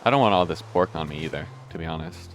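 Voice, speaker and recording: Hiccuping throughout, a young let's player talks fast in a low, animated voice, meandering through his gameplay commentary. He interrupts himself and curses casually as faint music plays behind him.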